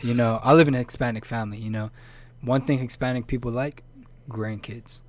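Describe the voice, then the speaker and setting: A young man co-hosting a podcast, telling a story in relaxed slang and laughing often. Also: mid-range voice, brisk. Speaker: podcast co-host. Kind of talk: casual chat, storytelling.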